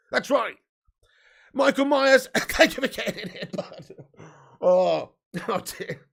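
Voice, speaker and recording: High gravelly bloke doing a live fan stream, sweary and excitable. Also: male voice, normal speed, long pauses. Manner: excitable, swearing, banter with viewers. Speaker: football fan channel host. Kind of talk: live-stream chat reading super chats.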